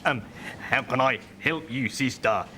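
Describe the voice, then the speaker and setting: A man's voice: mid-range voice, a little slow, sharp tone, slight background noise. An actor playing a nervous young doctor in a sitcom, flustered and anxious as he bluffs through the job. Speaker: junior hospital doctor. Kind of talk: sitcom acting. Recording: TV sitcom audio with faint ambience.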